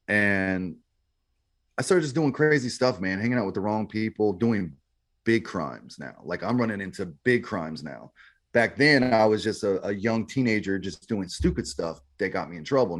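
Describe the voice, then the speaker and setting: A man guest on a podcast, telling his story in a laid-back, slangy way, often saying "man" and "bro". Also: fairly low pitch. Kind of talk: casual storytelling.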